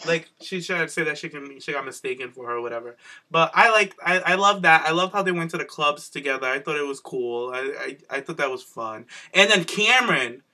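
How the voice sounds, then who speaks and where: A man's voice: animated, a little fast, bright, forceful tone. A man co-hosting a podcast, chatting casually about wrestling with sassy, profane commentary. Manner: sassy, swearing, acts out quotes with big pitch jumps. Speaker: podcast co-host.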